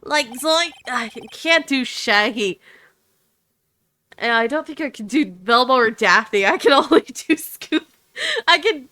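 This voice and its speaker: A woman's voice: high voice, bright, forceful tone, no echo. A woman giving casual playthrough commentary, giggly and self-mocking as she tries silly cartoon voices. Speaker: gamer.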